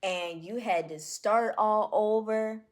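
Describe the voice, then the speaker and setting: Woman journaling on camera, slow and heartfelt, says things twice. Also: medium pitch. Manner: slow, heartfelt, affirming, with repeated phrases. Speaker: video journal creator. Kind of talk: reflective self-talk video journal.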